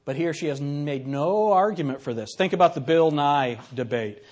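A man giving a classroom lecture, reading examples aloud and putting questions to his audience in an animated, conversational way. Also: fairly high pitch, normal speed.

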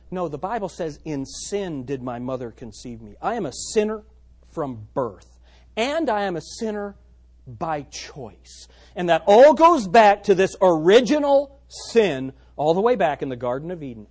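With a fairly high pitch, the man gives a sermon as pastor, trading emphatic, loud passages for soft, quiet ones.

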